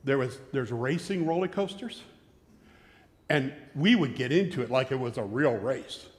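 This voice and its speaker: Animated American preacher in a hall. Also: male voice, mid-range voice, normal speed. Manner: animated storyteller, acting out shouted quotes. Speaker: pastor. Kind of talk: sermon with storytelling. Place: church sanctuary.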